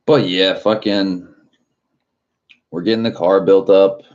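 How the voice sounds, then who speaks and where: Man, very deep voice, casual live stream chat, rambling with fillers and swearing, muffled lo-fi audio. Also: fairly even intonation, slow, a little mellow. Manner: loose rambling, heavy on filler words and swearing.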